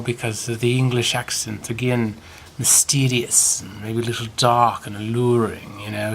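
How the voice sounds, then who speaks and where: A man's voice: mid-range voice, a little hiss or hum. Profane man ranting on a vlog. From United States. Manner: profane, rambling rant; slips into mock British voices. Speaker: vlogger. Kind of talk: rambling video response.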